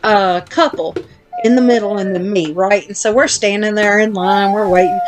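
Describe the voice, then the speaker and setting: A woman's voice: mid-range voice, steady tone, moderate pace, music in the background. A woman podcast host telling a long story in casual chat, blunt and self-deprecating, with casual swearing.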